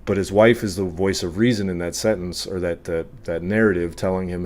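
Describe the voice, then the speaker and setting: A man's voice: low voice, fairly quick, few pauses. A man co-hosting a casual group chat among veterans, talking bluntly with lots of swearing. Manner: blunt, profane, animated storytelling. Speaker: podcast co-host, veteran.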